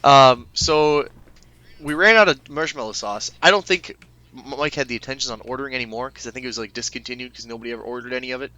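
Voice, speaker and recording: A young man guest on a podcast, telling stories in a laughing, animated way. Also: medium pitch, quick pace, lo-fi sound. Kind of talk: casual podcast storytelling.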